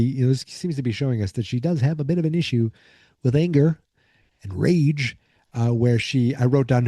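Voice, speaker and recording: A man's voice: medium pitch, dark tone, no room sound, clean studio sound. A man hosting a podcast, recapping an episode in a rambling, casual way with many fillers while sleepy and fighting off yawns. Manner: rambling, lots of fillers and asides. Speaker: podcast host.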